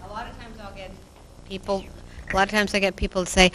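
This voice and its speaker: A woman's voice: mid-range voice, fairly even intonation, fast talker, fairly bright tone, low-quality recording. A woman in the class speaks up off-mic, telling about her own experience. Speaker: class participant. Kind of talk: speaking up from the audience.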